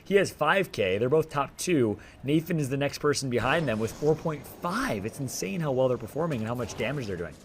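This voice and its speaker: A man doing live esports play-by-play commentary, energetic and joking, with rambling asides. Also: medium pitch, brisk, few pauses, a little hiss or hum. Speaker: esports caster.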